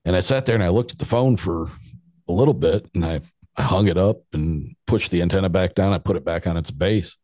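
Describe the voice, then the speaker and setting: Deep-voiced man telling a rambling story. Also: fairly quick, darkish tone, dry recording, studio quality. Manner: rambling, chuckles through his stories. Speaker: podcast guest. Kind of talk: casual storytelling.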